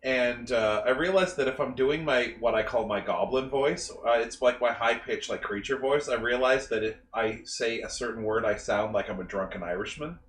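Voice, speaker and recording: A man's voice: mid-range voice, normal speed, few pauses. A man co-hosting a podcast in a casual chat, rambling and joking as he talks. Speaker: podcast co-host. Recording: roomy echo, faint background noise.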